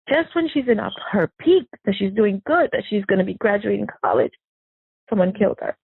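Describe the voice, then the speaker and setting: A woman recounting a painful family loss in an emotional interview, halting and distressed with many restarts. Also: medium pitch, expressive, creaky, breathy edge, no echo. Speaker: victim's sister recounting events. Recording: narrow phone-line audio, dry.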